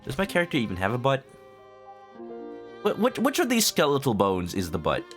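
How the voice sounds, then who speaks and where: A man's voice: mid-range voice, wildly swooping pitch, a little fast, faint music behind. A man streaming a video game, chatting casually with rambling, joking asides. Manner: rambling, joking, self-interrupting. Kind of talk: casual live-stream commentary.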